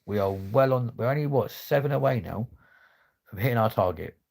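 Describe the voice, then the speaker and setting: Gravelly sweary bloke. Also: male voice, mid-range voice, expressive, normal speed, darkish tone. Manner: sweary, laddish banter. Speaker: livestream host. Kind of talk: casual livestream chat.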